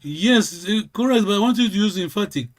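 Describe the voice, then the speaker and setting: Guy teaching a language class, patient, repeats stuff a lot, kinda high voice. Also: animated, a little fast. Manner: patient, corrects and repeats, many fillers. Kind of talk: online language lesson.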